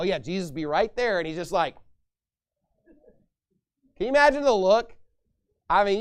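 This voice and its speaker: A high-voiced male pastor preaches a sermon and reads scripture aloud. He is emphatic, swinging between hushed asides and loud declarations.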